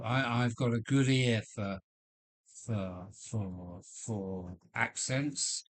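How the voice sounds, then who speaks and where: An older man with a husky, mid-range voice and a Kent accent is livestreaming from his home loft in Kent, England. He chats casually and rambles slowly, restarting often and leaning on fillers.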